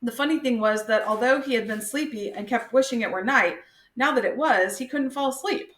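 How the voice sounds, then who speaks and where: A woman reading a children's chapter book aloud in a steady, expressive way. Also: fairly high pitch, fairly quick. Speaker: reader. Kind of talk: storybook read-aloud. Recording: echoey room.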